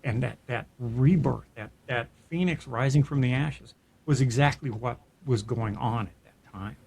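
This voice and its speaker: A man's voice: medium pitch, a little slow, creaky, darkish tone, slightly rough. Earnest middle-aged man telling his story. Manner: earnest and reflective, with frequent restarts. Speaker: podcast co-host. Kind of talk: personal storytelling in casual chat.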